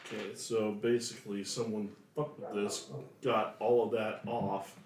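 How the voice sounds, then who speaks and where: A man's voice: fairly low pitch, flat delivery, a little slow, a little mellow. A man playing at a tabletop game, blunt and joking in casual chat. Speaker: player. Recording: echoey room, distant mic, noisy.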